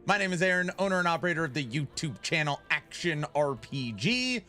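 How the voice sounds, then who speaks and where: A man's voice: a little high, expressive, a little fast, pushed and bright, soft background music. A man hosting his own game live stream in a loose, joking way, greeting viewers in chat by name. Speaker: streamer host.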